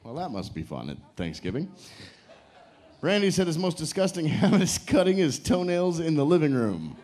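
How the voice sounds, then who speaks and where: A man's voice: on the high side, very animated, normal speed, a little mellow, a little hiss or hum. A man hosting a live game show on a cruise ship stage, joking with couples and teasing them. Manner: joking, teasing, hypes the crowd.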